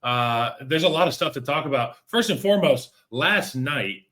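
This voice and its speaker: A man's voice: medium pitch, animated, moderate pace, a bit bright. A man co-hosting a sports talk show, chatting casually and telling stories over a video call. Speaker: podcast co-host.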